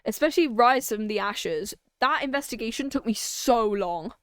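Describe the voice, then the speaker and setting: A woman's voice: on the high side, lively intonation, normal speed, hardly any pauses, fairly bright tone, a little hiss or hum. Giggly young woman rambling over a game. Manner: rambling, giggly, easily sidetracked. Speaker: streamer. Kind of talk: casual let's-play chat.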